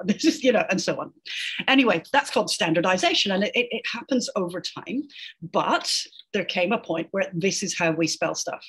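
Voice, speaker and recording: A woman's voice: mid-range voice, sing-song, moderate pace, a bit bright, husky. A middle-aged woman, an educational linguist, explaining as an interview guest in a chatty way, laughing often and tagging her points with "right?". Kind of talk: casual interview chat.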